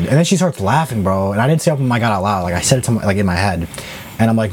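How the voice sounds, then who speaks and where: A man's voice: lowish voice, quick pace, slight background noise. A young man co-hosting a podcast, telling stories in a rambling, profane casual chat full of fillers. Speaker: podcast co-host.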